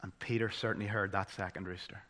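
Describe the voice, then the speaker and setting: A man with a Northern Irish accent delivers a sermon. His voice is bright and forward. He builds to loud, dramatic peaks and then drops to a hushed, solemn hush. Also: low-pitched, level tone, fast. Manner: dramatic, swinging from loud emphasis to hushed tones. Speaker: preacher.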